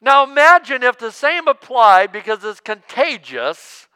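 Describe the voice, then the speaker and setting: A man in his sixties preaching a sermon as pastor, joking and emphatic, swinging between loud outbursts and hushed asides. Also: extremely high pitch, big pitch swings, normal speed, hardly any pauses, smooth, big-room sound. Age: 60s.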